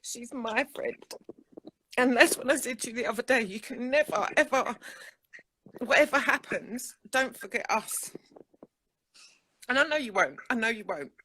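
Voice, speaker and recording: A woman's voice: on the high side, animated, normal speed, long pauses, pushed and bright, slight background noise, low-quality recording. A woman chatting with a friend on a call, emotional, laughing and tender. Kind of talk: casual chat on a call.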